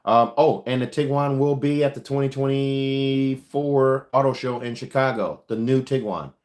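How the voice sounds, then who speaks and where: A man's voice: medium pitch, moderate pace, darkish tone. A man, a car salesman, chatting casually on a livestream, answering viewer questions in a rambling, frank way with many ums and uhs. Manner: frank, advice-giving.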